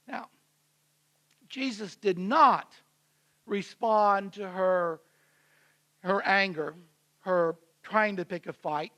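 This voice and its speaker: A male pastor delivers a sermon in a relaxed, conversational storytelling way, slipping in and out of the characters' voices. His voice is very high-pitched for a man. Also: slow, pauses often. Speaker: senior pastor. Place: church.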